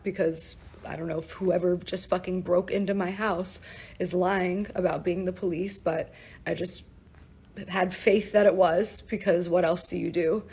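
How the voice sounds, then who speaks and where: A young woman recounting an upsetting personal event in a casual storytime vlog, talking fast with lots of "like" and swearing, emotional and shaken. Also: lowish voice, darkish tone, husky, rough recording. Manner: fast, breathless, heavy use of "like" and swearing.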